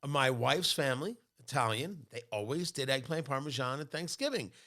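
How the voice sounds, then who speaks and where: A man's voice: mid-range voice, normal speed. A middle-aged man co-hosting a casual podcast chat, telling food stories with enthusiastic, playful bursts. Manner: animated, enthusiastic storytelling with playful outbursts. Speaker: co-host.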